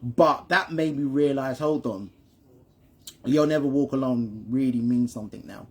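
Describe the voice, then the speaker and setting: Man, husky voice, casual chat, keeps asking "right?", stumbles over words. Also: medium pitch, moderate pace, a little mellow. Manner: keeps checking in with "right?" and "you understand me?"; repeats and restarts words when stumbling. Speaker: father and channel host. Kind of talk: casual history chat with his son.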